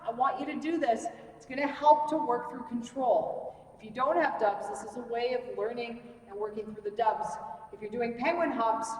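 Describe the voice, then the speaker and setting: A woman's voice: high-pitched, slight background noise. A woman leading a workout as a fitness coach, upbeat, counting reps aloud while she demonstrates. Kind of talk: workout instruction. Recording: echoey gym recorded from a distance.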